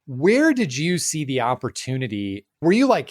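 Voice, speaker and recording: A man's voice: medium pitch, moderate pace, few pauses, no room sound, clean studio sound. A man hosting a podcast interview, asking long questions and acting out what the guest might have thought. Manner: animated questioner, acts out hypothetical quotes. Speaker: podcast host. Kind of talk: casual interview conversation.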